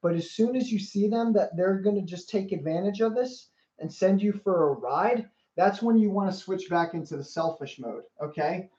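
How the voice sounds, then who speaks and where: A man's voice: high-pitched, moderate pace, few pauses, mellow. A man giving a motivational livestream talk as a life coach, earnest, repeating phrases and greeting viewers by name. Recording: roomy, slightly dull livestream audio.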